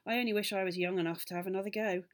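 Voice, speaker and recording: A woman reading aloud, voicing an excitable, mischievous little old village doctor who rises to loud indignant bursts. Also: medium pitch, racing, close to an everyday voice. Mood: genial, conspiratorial.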